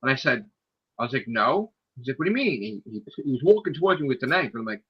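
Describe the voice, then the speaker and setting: A man telling a story in casual chat, swearing a lot and acting out the people in it, sometimes shouting. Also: mid-range voice, rapid-fire, slightly rough, lo-fi sound. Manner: animated, profane, acts out quoted people in raised shouting voices.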